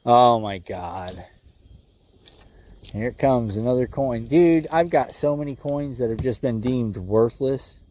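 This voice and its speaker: A man's voice: mid-range voice, slow, dark tone, dull audio. A man hosting a fishing livestream from a windy lake, chatting casually and joking with his viewers, laughing often.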